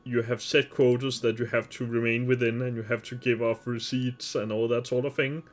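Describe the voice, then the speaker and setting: Male game streamer, mid-range voice, halting live commentary. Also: mid-range voice, flat delivery. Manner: hesitant, many filler sounds.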